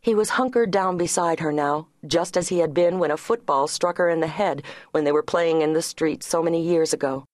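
A woman with a fairly low voice reads an audiobook in a measured, even way. The recording is dry and close, with no room sound. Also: no room sound. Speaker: audiobook narrator. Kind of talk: scripted audiobook narration.

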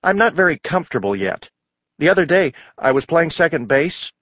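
A man's voice: sing-song, brisk, no room sound, muffled recording. A man voicing a shy, hesitant young schoolboy in a storybook reading. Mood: unsure. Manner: hesitant, higher voice.

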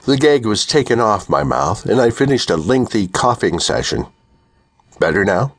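Husky-voiced male audiobook narrator. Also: on the low side, sing-song, moderate pace, dry recording. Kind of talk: first-person audiobook narration.

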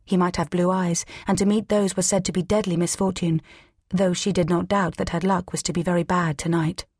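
A woman narrating an audiobook in a measured, steady reading. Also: on the low side, breathy edge, dry recording, studio quality. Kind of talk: scripted narration.

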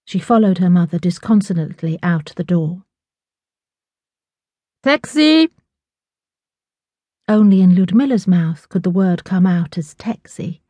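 In a dry recording, a female audiobook narrator delivers scripted narration of a novel at a steady, even pace. She has a fairly low, slightly rough voice.

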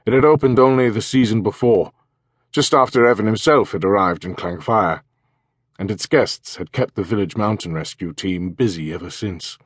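A man narrating an audiobook in a measured, even reading. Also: lowish voice, slightly rough, dry recording, clean studio sound. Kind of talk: scripted narration.

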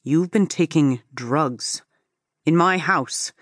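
Woman doing a stern, suspicious man, lowered voice. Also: takes it slowly, slightly rough, no room sound, studio quality, heavily acted. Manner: stern, interrogating. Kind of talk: audiobook character voice.

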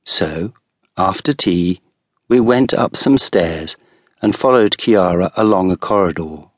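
A man narrating a first-person story for an audiobook with clear, deliberate delivery. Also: low voice, no room sound, clean studio sound. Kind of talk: scripted first-person narration of a graded reader.

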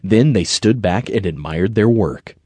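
Male audiobook narrator, husky and expressive, dry close studio sound. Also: on the low side, measured pace, no room sound. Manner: gentle storytelling. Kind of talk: scripted narration.

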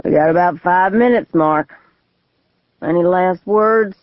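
A woman's voice: on the low side, a little slow, no room sound, lightly acted. A woman voicing a drunk, suicidal middle-aged male lawyer with a mocking, drawling manner, on a tinny, phone-like recording. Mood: taunting. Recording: tinny phone-like, dry audio.

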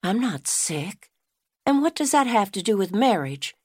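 A woman narrator voicing a young beauty shop owner who chats brightly and goes quiet when uneasy. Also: mid-range voice, expressive, normal speed, no room sound, clean studio sound, close to an everyday voice. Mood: hushed.

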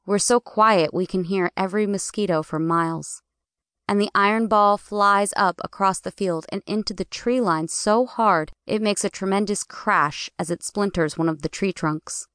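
A woman narrating a first-person audiobook in a clear, measured storytelling manner. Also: medium pitch, fairly bright tone, dry recording, studio quality.

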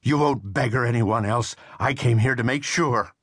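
A man's voice: mid-range voice, moderate pace, a bit bright, husky, dry recording, clean studio sound, pitched above the performer's own voice. A man voicing a desperate ruined contractor. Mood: raging. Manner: agitated, accusing. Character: desperate bankrupt middle-aged male contractor.

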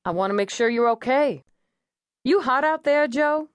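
A woman reading an audiobook voices a steady female police negotiator, calm and coaxing. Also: high voice, normal speed, clear, resonant tone, no echo, pitched above the performer's own voice.

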